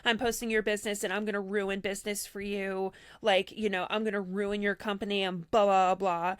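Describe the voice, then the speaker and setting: A woman's voice: medium pitch, brisk, smooth, dry recording. Chatty woman podcaster, dry close sound. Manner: animated retelling, heavy use of "like", quoting others in her own voice. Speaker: podcast co-host. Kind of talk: casual storytelling chat.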